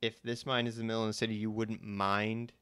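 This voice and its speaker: A man's voice: on the low side, little pitch movement, fast, a bit bright, clear, resonant tone. A young man casually commenting on his own gameplay during a live stream, thinking aloud and restarting his sentences as he goes. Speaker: let's play host.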